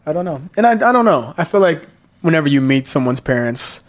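A man's voice: fairly high pitch, sing-song. A man with a Southern US accent chatting casually on a podcast, drawing his words out in an easygoing way. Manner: drawn-out, easygoing delivery. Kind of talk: casual chat.

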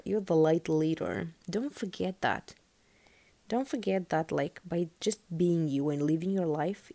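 Slow, gravelly-voiced woman musing. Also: fairly low pitch, dark tone. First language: not English. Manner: earnest, musing, full of "like" and "you know". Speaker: podcast host reading tarot. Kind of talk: casual spiritual podcast monologue.

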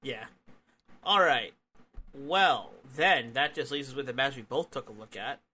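A man hosting a podcast, recapping a wrestling match in a relaxed, casual way with lots of fillers. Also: medium pitch, a little slow, breathy edge. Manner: relaxed, filler-heavy play-by-play. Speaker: podcast host. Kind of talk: casual wrestling review chat.

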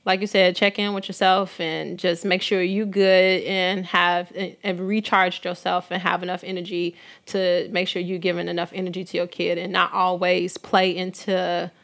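A woman's voice: lowish voice, little pitch movement, normal speed, vocal fry, a bit bright. A woman co-hosting a podcast, chatting casually and playfully, laughing often. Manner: playful, laughing, acting out quotes. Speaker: podcast co-host.

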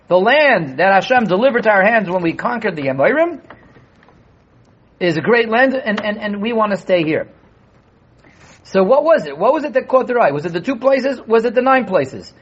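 Animated husky-voiced rabbi teaching. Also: male voice, sits high, fairly quick. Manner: animated, rhetorical questions, acts out voices. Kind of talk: Torah class to a live group. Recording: dull lo-fi room recording.

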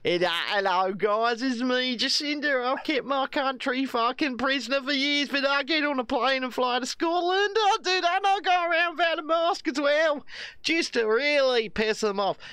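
A man's voice: very high-pitched, moderate pace, sharp tone, clean tone, no room sound, voice pushed up. A man doing a mocking impression of a smug woman national leader, in a sneering sing-song. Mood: gloating.

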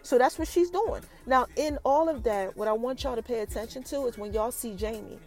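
A woman hosting a podcast, recapping an episode in an animated casual chat that talks straight to her listeners. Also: a little high, a little fast. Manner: animated, addresses listeners directly as y'all. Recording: light background music.

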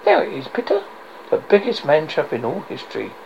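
A man's voice: wildly swooping pitch, fairly quick, creaky, darkish tone, lo-fi sound, slight background noise, exaggerated voice. A man doing a gloating villain baron. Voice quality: rumbling basso. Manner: gloating, commanding. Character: fat scheming older male villain baron.

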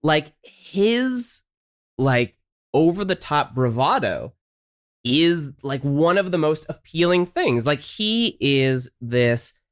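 An animated man on a podcast whose pitch swings widely. He chats casually, with fillers scattered all through his sentences. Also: takes it slowly. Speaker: podcast co-host. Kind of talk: casual chat.

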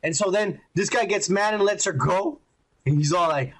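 High-pitched guy ranting and cussing nonstop on his podcast. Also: normal speed, a bit bright. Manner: profane, heated ranting. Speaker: podcast host. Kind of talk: casual ranting review chat.

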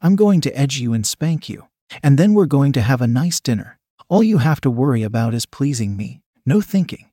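A man voicing a dominant, teasing man who speaks low, soft and commanding. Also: sing-song, normal speed, slightly rough, no room sound, studio quality.

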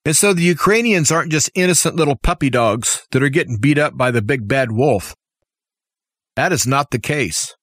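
A man's voice: mid-range voice, normal speed, a bit bright, no room sound, studio quality. A man giving an impassioned, opinionated political commentary monologue as a talk show host, full of rhetorical questions. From United States.

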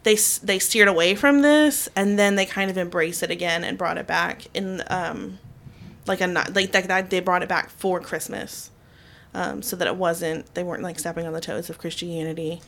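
A woman's voice: fairly low pitch, fairly even intonation, normal speed, gravelly, fairly bright tone, slight background noise. A woman co-hosting a casual podcast, explaining folklore with frequent ums and likes. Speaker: podcast co-host. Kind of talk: casual chat.

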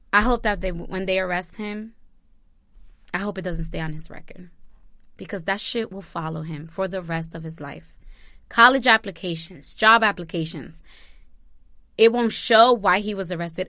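A woman's voice: medium pitch, bright, forceful tone, dry recording. A young woman from New Jersey vlogging, giving impassioned personal commentary that circles back on itself, close to tears and swearing freely. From New Jersey, USA.

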